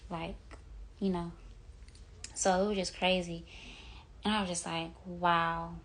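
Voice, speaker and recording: Fairly low in pitch, steady in tone and measured in pace, a young woman's voice carries an earnest devotional message recorded on her phone. As a vlogger, she rambles and fills her speech with "like" and "you know."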